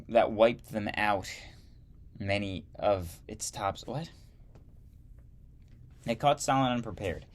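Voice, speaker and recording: A man teaching history, reading a textbook aloud slowly and adding wry asides. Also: lowish voice, vocal fry.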